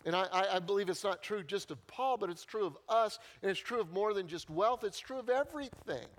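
A man with a fairly high-pitched voice preaching a sermon. He talks in a loose, conversational way, telling stories with self-deprecating humor. He repeats key lines to drive them home. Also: animated, a little fast. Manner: repeats key phrases for emphasis. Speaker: pastor.

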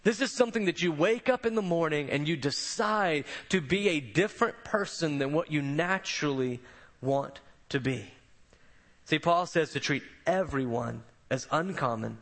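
A man's voice: a little high, a bit bright. A man preaching a sermon, telling stories in a conversational way and often repeating words as he goes. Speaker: pastor.

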